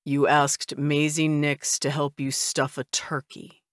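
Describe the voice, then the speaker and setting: A woman reading an audiobook voices a solemn male vampire who speaks in a low, measured way. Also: steady tone, no room sound, studio quality, lightly acted. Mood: grave. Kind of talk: audiobook character voice.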